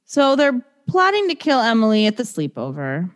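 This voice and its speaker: A woman's voice: on the high side, normal speed. A woman chatting casually, retelling a film scene by scene and laughing often. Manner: lively, laughing, acts out quotes. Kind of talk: casual chat recapping a film.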